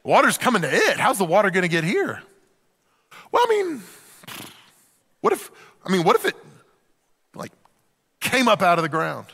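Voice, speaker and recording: A man acting out a shy, flustered boat builder who stumbles and hedges over every answer. The voice sits high and bright. A long reverb hangs behind him. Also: huge pitch swings, moderate pace, vocal fry, long pauses, slightly rough, heavily acted. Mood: sheepish. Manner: hesitant, stumbling, evasive.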